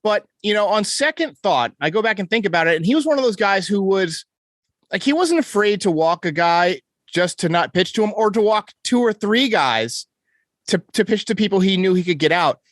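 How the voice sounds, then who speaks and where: A man's voice: high-pitched, animated, normal speed, fairly bright tone, no room sound, clean studio sound. A man hosting a casual sports podcast, reeling off stats and correcting himself as he goes. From New York. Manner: stat-heavy, enthusiastic, self-correcting. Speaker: podcast host.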